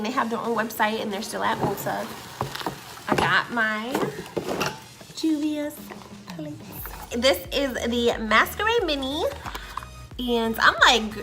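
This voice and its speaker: A woman vlogging a makeup first impression, gushing and excitable, swearing casually and sometimes dropping to an awed whisper. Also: a little high. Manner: drops to an awed whisper over colors. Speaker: beauty vlogger.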